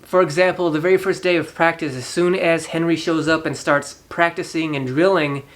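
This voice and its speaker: A man recapping a film for his channel in a casual, animated way, with a slightly higher voice. He laughs often and slips into the characters' voices as he goes. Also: moderate pace. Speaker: movie reviewer, channel host. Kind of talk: casual movie review retelling.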